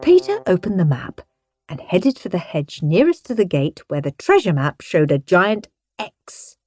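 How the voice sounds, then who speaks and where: A woman narrating a children's audiobook in an expressive way, acting out the characters. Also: on the low side, a little slow, no echo, clean studio sound. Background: background music.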